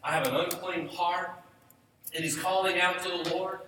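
A man's voice: sits high, fairly even intonation, moderate pace, pushed and bright, slight background noise. A male pastor preaching a sermon with emphasis, repeating rhetorical questions, recorded from a distance in a church sanctuary. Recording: distant echoey church hall.

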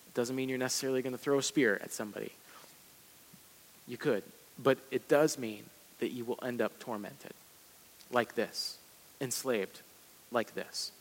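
A man preaching a sermon in a relaxed, conversational way, with self-deprecating asides and emphatic repetition. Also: mid-range voice, brisk, poor audio. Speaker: pastor. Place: church sanctuary.

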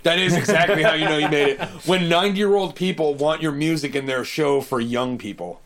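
A young man with a slightly high voice talks loosely on a podcast. He tells stories animatedly, swears freely, and leaps up in pitch when acting out what people said. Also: brisk. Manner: animated storyteller, acts out quotes with big pitch jumps, swears. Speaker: podcast co-host. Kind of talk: casual chat.

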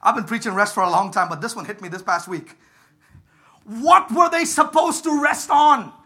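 High, bright-voiced fervent preacher man. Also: animated, normal speed. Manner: fervent, rises to shouts and calls for congregation responses. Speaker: pastor. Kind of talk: sermon.

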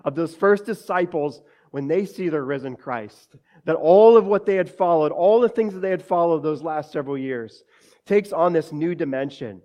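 Conversational Pittsburgh-area pastor preaching. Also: male voice, fairly high pitch, normal speed, darkish tone. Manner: conversational preaching with asides and jokes, addresses the congregation as church. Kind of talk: sermon.

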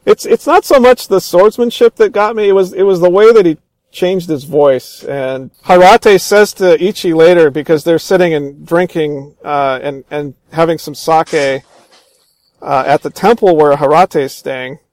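A man's voice: a little high, moderate pace, darkish tone, no echo. A man chatting casually about a film he loves, eagerly retelling scenes, with many restarts. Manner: enthusiastic retelling, acts out quoted lines; frequent restarts and fillers.

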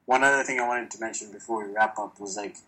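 A man talking casually on a podcast with a bright, forceful tone. He speaks candidly, swears freely and tells his stories with animation. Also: lowish voice, quick pace, rough recording. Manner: candid, profane, animated storytelling. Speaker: podcast guest. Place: lives in China, recorded remotely or in a room.

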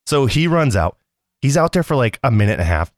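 A man's voice: mid-range voice, a little fast, no echo, clean studio sound. A man co-hosting a podcast, telling a story in casual chat with a lot of swearing. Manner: profane, animated storyteller. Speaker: podcast co-host.

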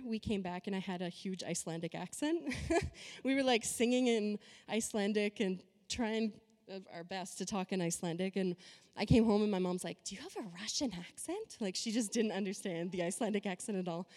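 A woman's voice: mid-range voice, fairly quick, a little mellow, long reverb tail. A woman pastor giving a conversational, emphatic sermon full of rhetorical questions.

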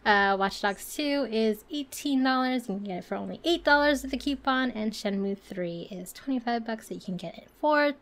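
A woman co-hosting a gaming podcast in a loose, chatty way, laughing often. Her voice sits a little high. She rattles through game deals like she's talking with friends. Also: expressive, normal speed, hardly any pauses, a bit bright. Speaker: podcast co-host. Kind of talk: casual chat.

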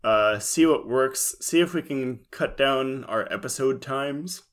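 A man's voice: medium pitch, measured pace, a bit bright. A man co-hosting a casual podcast, dropping wry joking quips. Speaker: podcast co-host.

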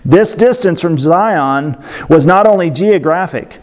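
A man's voice: on the high side, animated, unhurried, darkish tone. A man preaching a sermon in a conversational way, breaking off into asides and fillers. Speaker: pastor.

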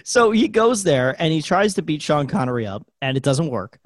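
Animated man swearing through a story. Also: fairly high pitch, moderate pace, no echo. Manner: animated storyteller, swears freely, laughs often. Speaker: podcast co-host. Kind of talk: casual chat.

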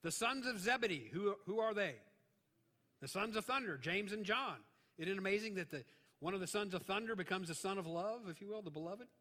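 Pastor guy preaching, high pitched, jokey and animated, church hall reverb. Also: brisk. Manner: animated and joking, acting out voices in retellings. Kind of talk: conversational Bible-teaching sermon. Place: church sanctuary. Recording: long reverb of a large hall.

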